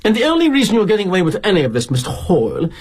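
A man's voice: high-pitched, wildly swooping pitch, racing, breathy edge, voice pushed up, exaggerated voice. A man voicing an indignant young male employee with a British accent, sputtering accusations at his boss.

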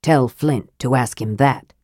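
A woman voicing a sharp-tongued young male mage who hisses his words caustically. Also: a bass voice, a little slow, slightly rough, no echo, studio quality, voice pushed down, full character voice. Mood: caustic. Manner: hissing, caustic.

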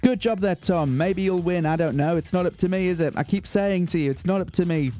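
A man's voice: sits high, brisk, warm tone, soft background music. A man hosting a community radio show with playful, mock-theatrical patter. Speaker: radio host.

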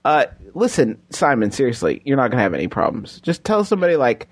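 A man's voice: medium pitch, very animated, fast talker, husky, dry recording. A man co-hosting a comedy podcast, giving joking advice in casual chat and laughing often. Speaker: podcast co-host.

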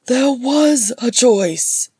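A woman voicing a grieving, guilt-ridden old dwarf man with a raspy, harsh, biting voice in a storybook reading. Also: lowish voice, steady tone, takes it slowly, dry recording. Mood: anguished. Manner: anguished, loud, biting.

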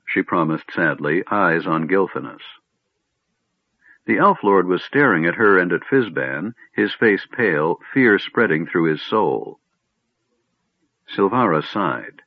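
A man narrating an audiobook in an expressive storytelling manner. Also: low voice, a little slow, no echo. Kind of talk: scripted narration. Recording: tinny phone-like, dry.

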